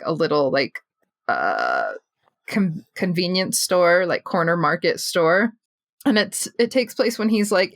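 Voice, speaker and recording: A woman's voice: lowish voice, a bit bright, no echo. Chatty woman co-hosting, dry sound. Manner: chatty, full of fillers and laughs. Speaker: podcast co-host. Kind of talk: casual chat.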